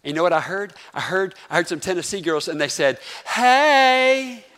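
A Southern man with a North Carolina accent preaches to his congregation in an easy, conversational way and often throws questions out to the pews. His voice sits a little higher than most men's, and it rings out with a long reverb through the sanctuary. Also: fast, fairly bright tone. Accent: Southern American, North Carolina. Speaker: pastor. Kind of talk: sermon.

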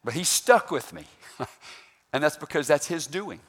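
A man preaching a sermon, animated, rising loud on emphasis and asking the congregation questions. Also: on the high side, moderate pace. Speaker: pastor.

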